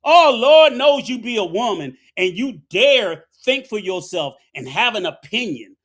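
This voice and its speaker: A middle-aged man delivers a heated, profane commentary rant. His voice sits unusually high for a man, and he preaches and scolds throughout. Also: big pitch swings, measured pace, a bit bright. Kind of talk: ranting commentary.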